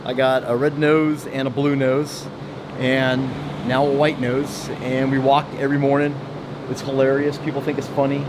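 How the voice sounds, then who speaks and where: A man's voice: medium pitch, flat delivery, normal speed, noisy background. A man chatting casually in his home welding shop, rambling with lots of fillers and restarts. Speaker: vlogger showing his shop. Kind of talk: casual vlog chat.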